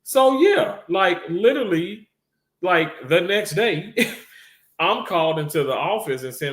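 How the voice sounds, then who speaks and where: A man's voice: high-pitched, lively intonation, slow, a bit bright, reverberant. A young man telling a rambling workplace story to his viewers, laughing often and acting out the voices of the people he quotes. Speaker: storyteller recounting a workplace incident.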